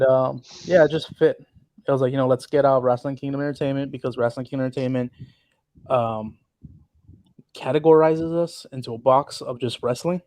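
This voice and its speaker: A man's voice: mid-range voice, darkish tone, no room sound. A young man chatting casually on a podcast about the history of his channel, loose and rambling, swearing freely. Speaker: channel co-founder.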